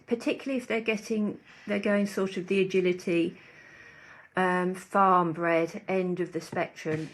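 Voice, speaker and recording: A woman with a fairly low voice talks through dog training as a podcast guest. She is thoughtful and unhurried, and she pauses on fillers as she works out each point. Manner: thoughtful, explains with many fillers. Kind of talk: casual podcast conversation.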